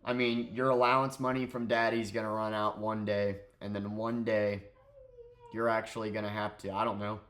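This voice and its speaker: A man's voice: on the low side, level tone, moderate pace, a bit bright. A young man ranting on his vlog, profane and sarcastic, swearing heatedly at another streamer. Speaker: streamer and vlogger.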